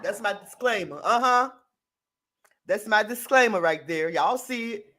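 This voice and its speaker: A high-pitched man hosts a casual live-stream talk show, reading headlines and then breaking off into chatty, sassy remarks. He calls his listeners girl, honey and y'all, and laughs easily between stories. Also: animated, unhurried, sharp tone. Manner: reads news items then adds sassy asides, calling listeners girl and honey; chatty, laughs often, addresses the audience as y'all.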